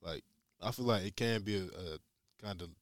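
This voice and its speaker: Young man, very low voice, relaxed halting chat. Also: no room sound, studio quality. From Memphis, USA. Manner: laid-back, halting, full of "like". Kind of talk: casual chat.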